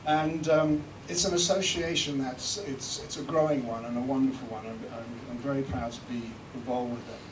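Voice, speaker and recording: A British man of medium pitch speaks in a steady tone at a moderate pace, barely pausing, as he presents a live seminar and demo. He's a recording engineer, chatty and jokey, occasionally swearing lightly. The audio comes from far off in an echoey room with background noise.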